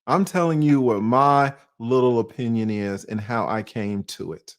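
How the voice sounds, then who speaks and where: Speaking at medium pitch and a moderate pace, a Southern-accented online commentator in his forties from Atlanta talks to his audience. His casual monologue is conversational, peppered with slang and questions he doesn't expect answered.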